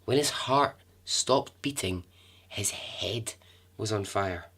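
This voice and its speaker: A man's voice: on the low side, a little slow, a bit bright. A man hosting a podcast, telling a true-crime story in a chatty way with asides and the odd swear word. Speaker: podcast host.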